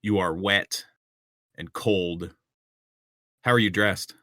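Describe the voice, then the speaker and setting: A man narrating a tabletop game, pausing on ums as he sets each scene. His voice is low but bright, recorded close and dry. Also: dry recording. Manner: descriptive, with frequent ums and restarts. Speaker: game master.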